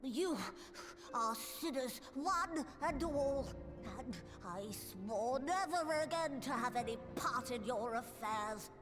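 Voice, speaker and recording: A woman's voice: high voice, lively intonation, takes it slowly, music in the background. A woman voicing a reclusive, guilt-ridden magical creature in a game cutscene, with dramatic archaic speech. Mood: indignant. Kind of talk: video game cutscene voice acting.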